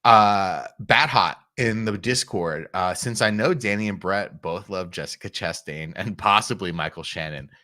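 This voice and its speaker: A man's voice: low-pitched, normal speed, hardly any pauses. A man co-hosting a pop culture podcast in casual chat, joking around and putting on exaggerated voices when he quotes people. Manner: animated, jokey, slips into exaggerated quoted voices. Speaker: podcast co-host.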